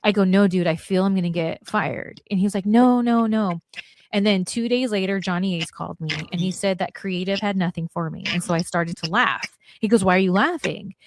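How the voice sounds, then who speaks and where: Blunt, animated woman telling stories. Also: medium pitch, a little fast, slight background noise. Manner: blunt, animated, acts out quoted lines. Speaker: podcast guest, former wrestler. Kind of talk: casual storytelling chat.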